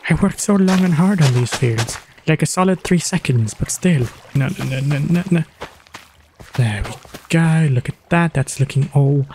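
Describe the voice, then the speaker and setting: A man's voice: medium pitch, a little mellow, slight background noise. A man hosting his own gaming channel, chatting through his play with jokes and sudden exclamations. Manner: chatty self-narration, joking, quick exclamations. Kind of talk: let's play commentary.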